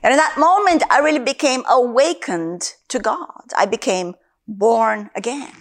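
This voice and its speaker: A woman's voice: on the high side, measured pace. A woman from Africa, a Christian minister, giving an earnest sermon with her personal testimony and repeating key phrases for emphasis.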